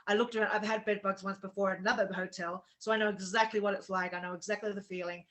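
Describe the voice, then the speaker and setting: Bright-voiced woman telling a story. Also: medium pitch, steady tone, brisk, few pauses, slight background noise. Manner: emotional storytelling, acts out quoted dialogue. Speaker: co-host. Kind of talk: casual chat.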